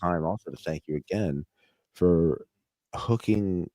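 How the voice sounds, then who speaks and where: Deep-voiced, effusive male podcast host. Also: slow pace, warm tone, no room sound, studio quality. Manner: effusive, gushing with thanks. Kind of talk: casual interview chat.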